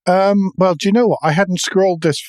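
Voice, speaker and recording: A man's voice: high voice, steady tone, brisk, darkish tone, no echo. A man co-hosting a motoring podcast in casual chat, talking with many stops and restarts. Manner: chatty, hesitant with fillers and restarts. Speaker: podcast co-host.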